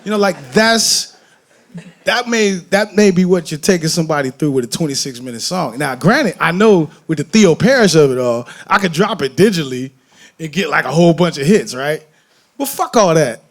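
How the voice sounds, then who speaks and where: A man from Detroit talking candidly on a festival stage, telling animated, profane, joking stories and acting out voices. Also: fairly high pitch, fairly quick. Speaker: guest musician on stage. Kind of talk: candid onstage conversation. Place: festival main stage before an audience.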